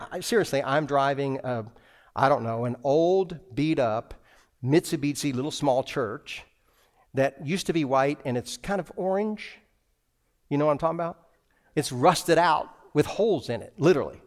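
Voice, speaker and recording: Animated storytelling pastor, man. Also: on the high side, moderate pace. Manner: animated storytelling with many restarts and acted-out dialogue. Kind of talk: sermon storytelling.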